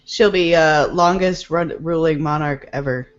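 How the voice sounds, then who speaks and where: A woman's voice: sits low, a little slow, highs cut off. A woman co-hosting a casual podcast, joking and giggling often. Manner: playful, giggly, jokey. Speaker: podcast co-host. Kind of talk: casual chat.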